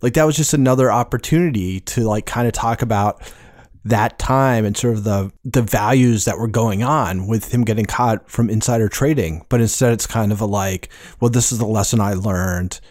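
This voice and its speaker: A man's voice: fairly low pitch, moderate pace, darkish tone, no room sound, clean studio sound. A man co-hosting a film podcast, rambling with lots of hedging fillers as he critiques a script. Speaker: podcast co-host. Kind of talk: casual film review chat.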